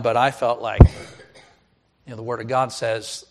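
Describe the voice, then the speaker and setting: A middle-aged man, a pastor, preaching a sermon, swinging between loud emphatic lines and hushed, quiet asides. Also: medium pitch, little pitch movement, slow, pauses often.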